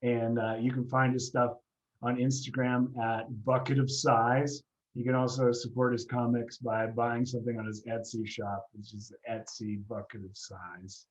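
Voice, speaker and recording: A man hosting a live online comics reading on a video call, talking casually with many pauses and fillers. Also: medium pitch, level tone, lo-fi sound. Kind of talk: casual event introduction. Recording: roomy echo.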